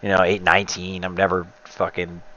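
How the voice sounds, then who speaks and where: A man's voice: deep voice, monotone, a little fast, bright, forceful tone, highs cut off. A man casually telling a long story while gaming, rambling and swearing heavily, and getting heated. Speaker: gamer streamer.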